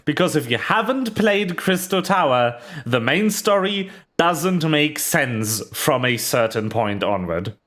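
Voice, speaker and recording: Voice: medium pitch, lively intonation, slow pace, few pauses, fairly bright tone. A VTuber streamer giving rambling, chatty commentary while playing, full of fillers and small laughs. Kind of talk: casual game stream commentary.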